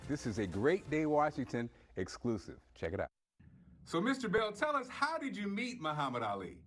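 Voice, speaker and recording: Male TV host, upbeat presenter, slightly high voice. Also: huge pitch swings, normal speed, fairly bright tone, soft background music. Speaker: TV talk show host. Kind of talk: scripted intro, then interviewing.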